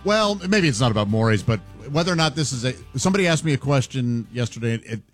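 A man's voice: mid-range voice, lively intonation, fast, soft background music. A man co-hosting a radio show, asking curious questions and stumbling over his words. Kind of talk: morning radio banter. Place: radio studio.

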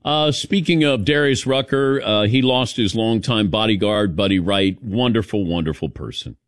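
A man's voice: on the low side, moderate pace, no room sound, clean studio sound. A man hosting a talk radio show, chatting casually with his co-hosts and taking calls from listeners. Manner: warm storytelling, takes callers.

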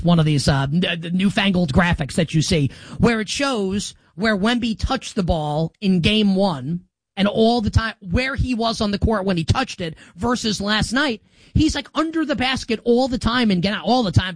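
Emphatic sarcastic male sports talk host. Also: no echo. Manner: sarcastic and emphatic, with wide swings in pitch. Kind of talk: opinionated sports talk monologue.

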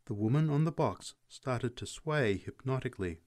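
Brief: male story reader, measured narration, animated intonation. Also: mid-range voice. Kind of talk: story reading.

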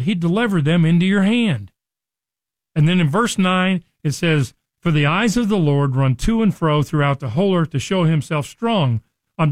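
A man's voice: fairly high pitch, no echo. A man teaching a sermon on a Christian radio show, earnest and conversational, now and then acting out the people in the story. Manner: earnest, acts out quoted speech with rising emphasis.

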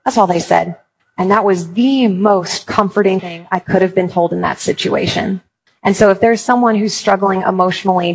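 Woman speaker, husky mid voice, jokey storyteller acting out quotes. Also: mid-range voice, low-quality recording. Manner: humorous storytelling with acted quotes. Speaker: Christian speaker on apologetics. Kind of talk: conference talk.

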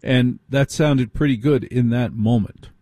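A man hosts a late-night radio talk show with a mellow, husky voice. He talks to listeners in a chatty way and keeps asking them questions. The studio sound is dry and close. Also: medium pitch, a little slow, no room sound. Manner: conversational, addresses listeners directly with rhetorical questions. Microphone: studio microphone.

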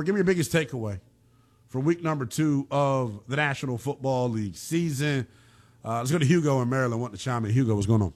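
A man hosting a call-in sports radio show, ranting in a slangy, animated way. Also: fairly high pitch, fast.

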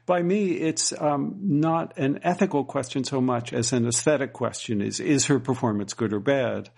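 A man's voice: medium pitch, moderate pace, vocal fry, darkish tone. A man asking wry, probing questions in casual conversation, often restarting his words. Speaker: interviewer.

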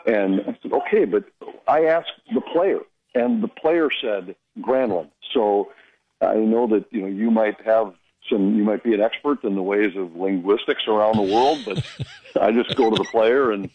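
A man who works as a hockey broadcaster, telling stories in casual radio chat with an animated, amused manner. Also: fairly low pitch, moderate pace, husky, dull audio.

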